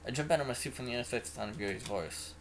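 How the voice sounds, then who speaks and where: A man reading a visual novel aloud with an animated, expressive delivery, narrating and voicing the lead. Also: mid-range voice, very fast. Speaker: game narrator and player. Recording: music playing underneath. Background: music.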